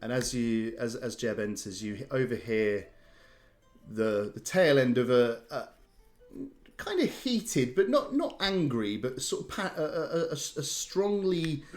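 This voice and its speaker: A man running a tabletop game, narrating in a halting way with many restarts. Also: medium pitch, very animated, a little mellow, soft background music. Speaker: game master.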